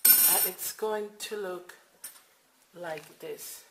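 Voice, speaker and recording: A woman's voice: on the low side, drawn-out words, very noisy. A woman explaining crochet steps in a casual, hesitant way, full of fillers and repeated instructions. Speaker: crochet tutorial maker. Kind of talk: casual how-to demonstration. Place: home at night.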